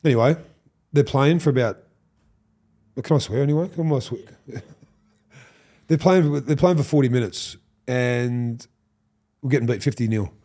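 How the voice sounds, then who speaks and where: Australian man, fifties, warm mellow tone, animated storyteller, salty language. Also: medium pitch, normal speed, pauses often. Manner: animated, swears, acts out quoted lines. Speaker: podcast guest. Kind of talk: storytelling interview.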